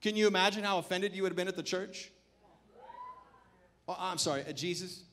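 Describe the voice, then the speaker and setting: A male pastor delivers a sermon in a notably high voice. He is emphatic and exhorting, and he presses his congregation for responses. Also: fairly quick, fairly bright tone.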